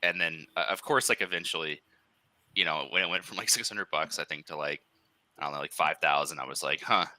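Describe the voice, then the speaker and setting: A man on a podcast telling a long personal story in casual chat, full of fillers and animated self-quotes. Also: rumbling low, brisk, no echo. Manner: rambling, filler-heavy, animated when quoting himself. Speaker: podcast guest.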